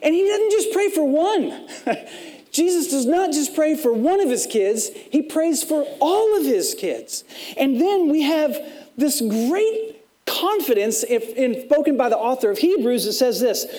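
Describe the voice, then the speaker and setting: A man preaching with a lively voice that swings widely up and down in pitch. He is an animated pastor who acts out the people he quotes and doubles back on words as he pushes his points home. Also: unhurried. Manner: repeats words when building a point. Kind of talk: sermon.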